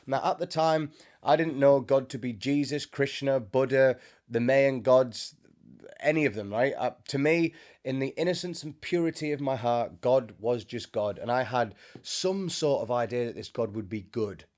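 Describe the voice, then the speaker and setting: With a mid-range, slightly mellow voice and a moderate pace, a Christian speaker delivers a casual spiritual teaching. He's seated indoors in front of a bright camera, chatting and making joking asides.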